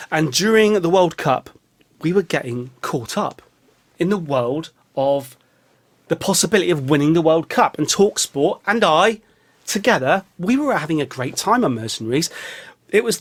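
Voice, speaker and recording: English man with a London accent, slightly high voice, self-mocking comic rambler. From England. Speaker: vlogger. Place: small hot studio.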